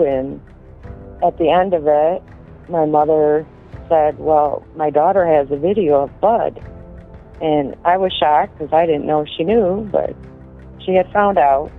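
A woman recounting events in an interview, speaking haltingly with frequent pauses. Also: deep voice. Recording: tinny phone-line audio.

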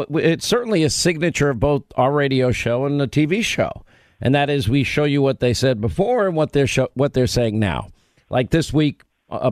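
A male talk radio host jokes around and teases his staff in a brash, easy way. His voice sits a little high. The studio sound is close and dry. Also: no room sound. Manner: brash, joking, teasing. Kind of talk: casual talk radio banter.

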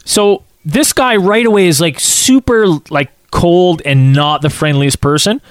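A man telling a casual anecdote, acting out quotes in an animated way and saying "like" a lot. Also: high voice, unhurried, no echo, clean studio sound.

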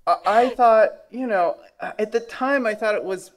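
A man's voice: sits high, measured pace. A man chatting casually with his sister, hesitant and self-deprecating, often repeating his words as he restarts. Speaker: older brother, guest. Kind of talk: casual chat.

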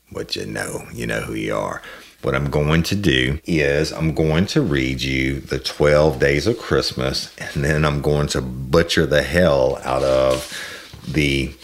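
A man's voice: very deep voice, unhurried, vocal fry. A man hosting a podcast, chatting to listeners in a folksy, self-deprecating way. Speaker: podcast host. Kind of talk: casual chat to listeners.

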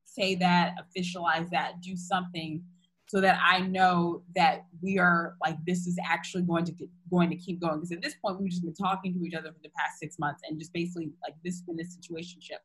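Husky-voiced woman telling a story. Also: on the low side, fairly quick, rough recording. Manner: candid, animated retelling with many fillers and restarts. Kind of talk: casual storytelling chat.

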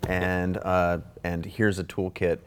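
A man's voice: sits low, little pitch movement, slow, a little hiss or hum. A man hosting a casual interview podcast, speaking in an encouraging, conversational way to his guest. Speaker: podcast host.

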